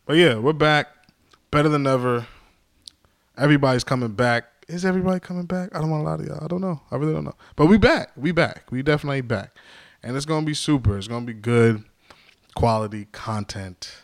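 A man's voice: medium pitch, quick pace, vocal fry, no room sound, clean studio sound. A man hosting a podcast alone, rambling in a casual, jokey and self-mocking way. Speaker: podcast host. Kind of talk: casual solo podcast monologue.

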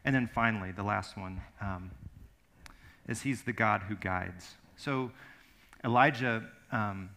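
Bright-voiced middle-aged male pastor preaching. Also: on the low side, slow, gravelly. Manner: earnest, emphatic storytelling with repeated words. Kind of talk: sermon.

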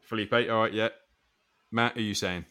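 A man's voice: fairly low pitch, steady tone, moderate pace, bright, forceful tone. A man hosting a casual podcast chat, joking and swearing as he goes through names. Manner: banter with swearing. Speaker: podcast host.

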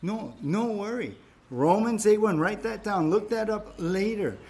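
A man's voice: high voice, expressive, measured pace, darkish tone. A man preaching a sermon, emphatic and repetitive, often checking in with the listeners. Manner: emphatic, repeats phrases, frequent "right?" checks. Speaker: pastor.

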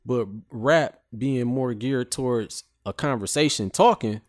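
A man's voice: mid-range voice, measured pace, darkish tone, dry recording, studio quality. A man co-hosting a casual podcast chat, laid-back, often asking "you know what I'm saying.". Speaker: podcast co-host.

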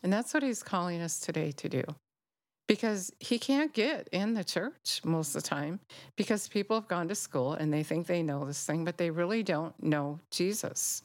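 A woman delivers an informal sermon in a low, earnest voice. She talks conversationally, with frequent asides to the listener. The sound is dry and close, with no room echo. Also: normal speed. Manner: earnest, conversational, many "you know" asides. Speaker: preacher.

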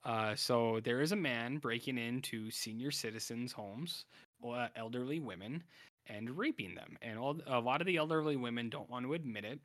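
A man's voice: medium pitch, normal speed, fairly bright tone, no room sound, clean studio sound. A man co-hosting a podcast, casually recapping a TV series with lots of ums, uhs and restarts. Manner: rambling, heavy on fillers and restarts. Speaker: podcast co-host. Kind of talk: casual chat recapping a TV show.

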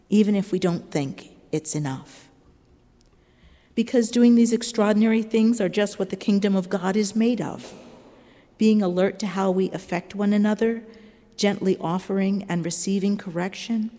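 A woman's voice: medium pitch, dark tone. Woman preaching in a reverberant hall. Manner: measured, earnest storytelling. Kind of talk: sermon. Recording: long reverb of a large hall.

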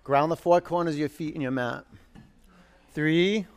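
A man's voice: a little high, moderate pace. A man leading a live yoga class, calling poses, counting down holds and encouraging students. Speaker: yoga instructor.

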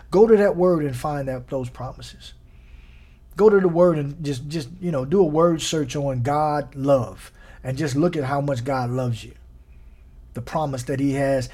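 A man's voice: on the high side, a little mellow. A man preaching a sermon on his podcast, exhorting his listeners with repeated questions and emphatic peaks.

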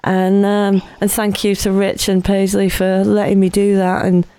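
A woman's voice: medium pitch, completely flat delivery, a little slow, dark tone, clean tone, no echo. A woman chatting casually as a podcast co-host, dropping wry jokes and laughing often. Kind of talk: casual chat.

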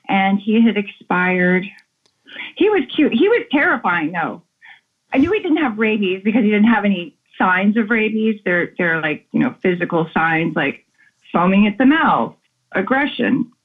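Upbeat woman on a tinny call line. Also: mid-range voice. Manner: enthusiastic, animated storytelling. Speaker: guest artist. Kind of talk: casual interview chat. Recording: tinny phone-like call audio.

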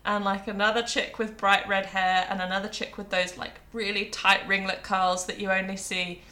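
A woman co-hosting a podcast, chatting casually, giggling and quoting people in animated asides. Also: mid-range voice, normal speed. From Britain. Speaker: podcast co-host. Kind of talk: casual chat.

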